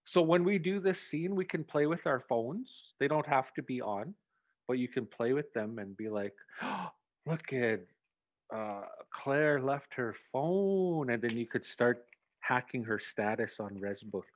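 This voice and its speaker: Animated male theatre director on a lo-fi line. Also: mid-range voice, normal speed. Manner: animated, acts out lines, chuckles often. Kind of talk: giving rehearsal notes. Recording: dull, dry lo-fi sound.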